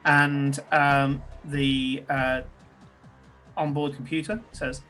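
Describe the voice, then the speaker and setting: Rambling male game master, mid pitch. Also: a little slow, pushed and bright, soft background music. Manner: loose, descriptive, many ums and restarts. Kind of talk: narrating a tabletop game.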